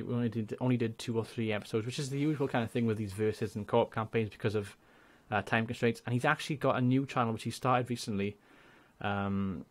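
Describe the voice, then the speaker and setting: A young man with a Welsh accent, a gaming YouTuber chatting casually and rambling through channel shout-outs. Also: mid-range voice. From Wales. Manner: chatty, rambling, laughs often.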